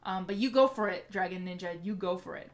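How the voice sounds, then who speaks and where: A woman's voice: lowish voice, a little fast. A woman hosting a casual livestream Q&A, chatty and eager as she answers viewer comments aloud. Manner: eager and excitable. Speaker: livestream host.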